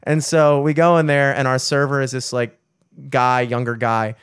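A young man hosting a podcast, telling stories in a rambling, animated way with plenty of swearing. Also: medium pitch, normal speed, smooth, dry recording, studio quality. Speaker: podcast host. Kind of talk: casual chat.

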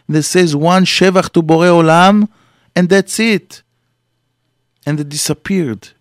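A man giving a Torah class as a rabbi, telling stories with lively acted quotes and grammar. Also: on the high side, vocal fry, no room sound, clean studio sound. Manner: animated storytelling with acted quotes, non-native English grammar.

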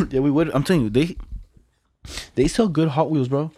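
A man's voice: a little high, very animated, unhurried, a little mellow. A young man telling stories in a casual, slangy chat and laughing often.

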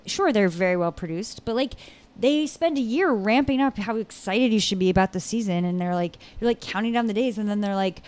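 Lively, joking woman podcast co-host. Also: medium pitch, fairly quick, clean tone. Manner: joking, chatty, full of filler words. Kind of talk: casual chat.

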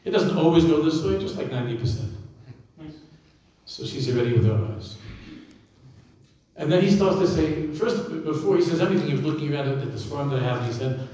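A man, a rabbi, giving a sermon full of stories, swinging from loud emphasis to quiet asides. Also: fairly high pitch, lively intonation, fairly quick. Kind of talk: sermon with storytelling. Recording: echoey hall, speaker far from mic.

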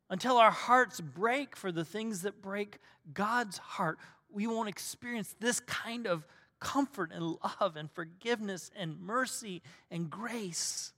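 A middle-aged male pastor preaching a sermon, telling a family story and swinging from loud emphasis to soft, hushed tones. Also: high voice, slow pace. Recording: long hall reverb.

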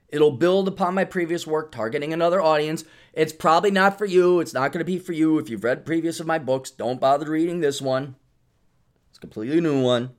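A man hosting a podcast, telling rambling, profane stories and acting out quotes. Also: fairly high pitch. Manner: profane, animated storyteller who acts out quotes. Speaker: podcast host. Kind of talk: rambling comedic monologue.

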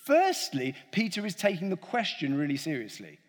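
A male preacher giving a chatty, humorous sermon with a slightly husky voice that swings widely in pitch. He speaks from a large hall, and a long reverb trails his words. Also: huge pitch swings, normal speed. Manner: conversational, joking, addresses the congregation directly.

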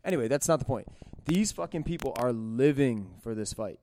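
A man's voice: medium pitch, a little fast, slight background noise. A man hosting a podcast, ranting in casual chat with a lot of swearing. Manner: profane, animated ranting. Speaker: podcast host.

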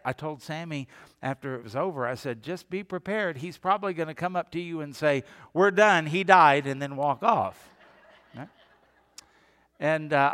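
A man's voice: fairly high pitch, a bit bright, big-room sound. A middle-aged man preaching a sermon as a pastor, emphatic, asking his congregation questions and answering them himself.

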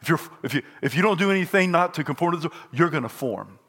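An older man preaching a sermon, repeating his points and rising to shouted peaks. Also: a little high, animated, fast, slightly rough. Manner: repetitive and emphatic. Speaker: pastor.

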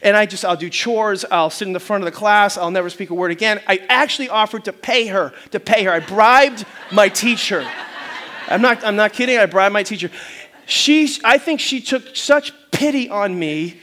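A male pastor with a high voice preaches a sermon at normal speed, animatedly telling funny stories and doing voices. He calls on the congregation to answer back and breaks into loud preaching bursts.

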